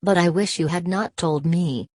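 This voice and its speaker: An earnest, simple-hearted young man pleads in plain words, read by a woman. The voice is low and deep. The sound is dry and close-miked. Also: moderate pace, a little mellow, dry recording, natural voice.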